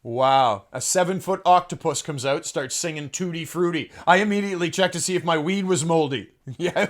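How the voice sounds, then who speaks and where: Male comedy host, slightly high voice, sarcastic and crude, laughs at his own gags. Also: normal speed, hardly any pauses. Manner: crude, swears freely. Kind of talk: comedic sports monologue.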